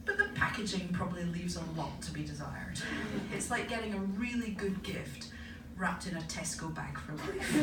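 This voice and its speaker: A woman academic performing a stand-up comedy set, telling stories in a wry, punchy way on stage before a live audience. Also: on the low side. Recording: echoey live venue, distant mic, noisy. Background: audience laughter and room ambience.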